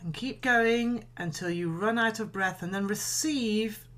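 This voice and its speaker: A woman singing coach giving a calm, measured voice lesson, explaining and demonstrating breathing exercises. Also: medium pitch, slight background noise. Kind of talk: instructional voice lesson.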